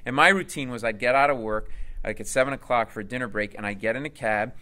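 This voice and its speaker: An animated man tells a comic story with lively energy, in a bright, forceful voice of middle pitch. He is a comedian speaking as an interview guest. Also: fast.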